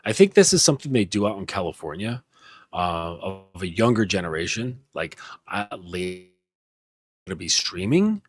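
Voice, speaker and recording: A man coaching on a livestream, speaking slowly and deliberately with blunt, casual swearing. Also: deep voice, very animated. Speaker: men's coach.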